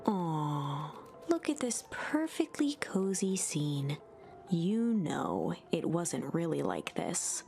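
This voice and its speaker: Whispered role-play: a cold, sneering double of a boy, whispered by a woman, slow and low, faint music. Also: sing-song, gravelly, heavily acted. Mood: scornful. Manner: hushed and scornful. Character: cold, disdainful doppelganger boy. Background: background music.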